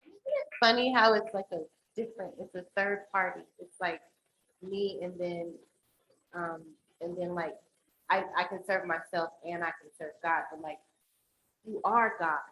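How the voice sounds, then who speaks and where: A woman panelist speaks reflectively in a fairly low voice and muses through her thoughts with many fillers. The room is echoey, and a faint hiss runs under the recording. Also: normal speed, fairly bright tone. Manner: musing, filler-heavy.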